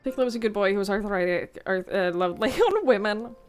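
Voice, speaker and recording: A woman's voice: medium pitch, expressive, brisk, a little mellow, soft background music. A young woman streaming a game, chatting in a rambling, giggly way and swearing casually. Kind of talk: casual chat while gaming.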